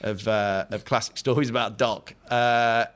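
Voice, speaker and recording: A man's voice: mid-range voice, steady tone, a little slow. A man, a former rugby prop, casually telling a story as a podcast guest, laughing and rambling as he goes.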